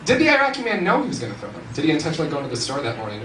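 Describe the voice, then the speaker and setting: Brief: young male stand-up, swooping bright delivery, caught from afar over room noise. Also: on the high side, racing, few pauses. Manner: animated, laughing often, bursts of shouting. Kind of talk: stand-up comedy. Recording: roomy hall, distant mic, noisy.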